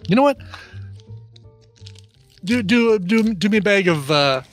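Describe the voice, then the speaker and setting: Guy with a higher voice, easygoing podcast co-host, faint music under it. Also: expressive, unhurried. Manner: agreeable, chuckling listener. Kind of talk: casual chat.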